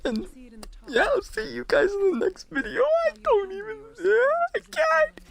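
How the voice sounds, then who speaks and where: A teenage man putting on a shrill, mock-crying voice as an overdramatic young YouTuber. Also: wildly swooping pitch, measured pace, gravelly, background noise, exaggerated voice. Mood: mock-weeping.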